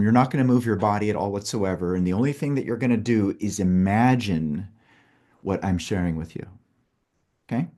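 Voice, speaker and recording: Man, workshop facilitator, fairly low voice, instructive, frequent "okay" check-ins. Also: warm tone. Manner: instructive, peppers talk with "okay". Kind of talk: guiding a live group exercise.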